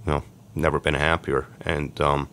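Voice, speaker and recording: A man, a podcast guest, telling his life story in a lively way and acting out the voices of people he quotes. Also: extremely low pitch, normal speed, a little hiss or hum. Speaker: podcast guest, sports agent. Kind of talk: storytelling interview.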